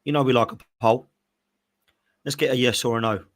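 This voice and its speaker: A man's voice: medium pitch, steady tone, brisk, fairly bright tone. A man hosting a casual live-stream podcast, opinionated and emphatic, ranting with rhetorical questions. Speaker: podcast host.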